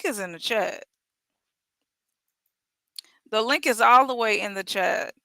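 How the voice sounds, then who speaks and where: A woman hosts a livestream at an unhurried pace, her voice bright and forward. She jokes, teases her viewers and swears freely. The sound is close and dry, with no room around it. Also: fairly high pitch, creaky, no room sound. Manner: blunt, joking, profane, teasing chat. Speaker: livestream host. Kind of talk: casual livestream chat.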